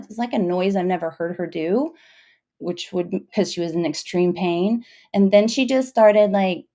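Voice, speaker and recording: A young woman recounts a painful family story in a casual, conversational way. Her delivery is emotional and halting, with frequent fillers and restarts, at an average pitch for a woman. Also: gravelly, darkish tone. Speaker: mother telling her story.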